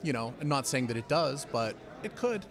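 A man's voice: mid-range voice, very animated, moderate pace, crowd noise. A man guest in a casual chat, easygoing and rambling with lots of fillers. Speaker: guest writer.

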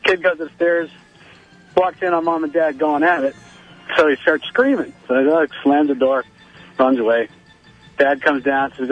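A male caller telling a long joke over the phone in a plain, steady way. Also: on the high side, moderate pace, pauses often. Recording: dull phone line.

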